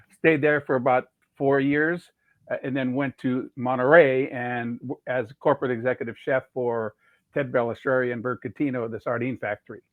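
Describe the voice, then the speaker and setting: Middle-aged man from California, chef guest, rambling storyteller who acts out quotes; mid pitch, tinny phone-like sound, dry. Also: no echo. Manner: rambling anecdotes with quoted dialogue. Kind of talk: casual storytelling interview.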